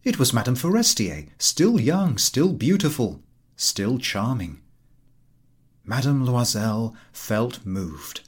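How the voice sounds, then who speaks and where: A man narrating a classic short story, with measured delivery and dramatic pauses. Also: medium pitch, big pitch swings, breathy edge.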